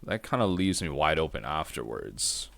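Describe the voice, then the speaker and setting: A man's voice: a bass voice, very animated, moderate pace, creaky, a bit bright, faint music behind. A man streaming a card game, thinking aloud in rambling self-talk as he plays. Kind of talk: live-stream gameplay commentary.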